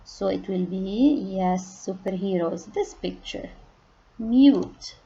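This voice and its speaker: A woman teaching a phonics lesson to young children, speaking patiently and stressing each target word loudly. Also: mid-range voice, slow, husky, lo-fi sound. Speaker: kindergarten English teacher.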